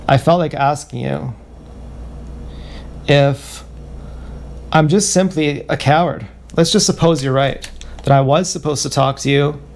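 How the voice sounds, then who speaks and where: A man livestreaming a rambling confessional monologue, halting and self-questioning, circling back over the same words. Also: medium pitch, gravelly, darkish tone, a little hiss or hum.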